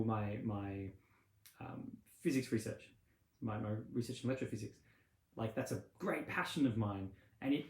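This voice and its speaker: A man's voice: medium pitch, a little mellow. A man teaching meditation in a loose, rambling, conversational way, acting out little scenes as he goes. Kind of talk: casual spoken teaching. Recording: roomy echo.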